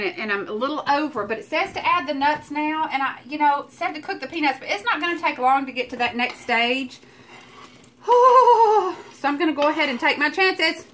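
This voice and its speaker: A woman talks her viewers through a recipe in her home kitchen, chatty and teasing. Her voice sits high, swinging widely, with a bright ring, and a faint hum of the room underneath. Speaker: home cooking video host. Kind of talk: casual cooking chat.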